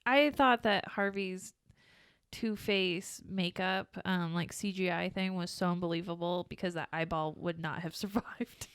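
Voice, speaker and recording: A young woman co-hosts a podcast, chatting casually with frequent restarts and laughter. Her voice is fairly low, clear and resonant with a fairly bright tone, fairly even intonation and a slightly slow pace. The recording is dry and studio quality.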